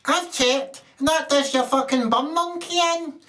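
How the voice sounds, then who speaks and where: A Scottish man voicing a small, blunt girl in a high, indignant squeak. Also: a little slow, bright, forceful tone, heavily acted.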